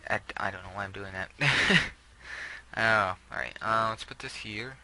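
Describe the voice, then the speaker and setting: A man's voice: lowish voice, fairly even intonation, fairly quick, pushed and bright, low-quality recording. A young man casually talking through a game build, rambling with many fillers and self-corrections. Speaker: gameplay video creator.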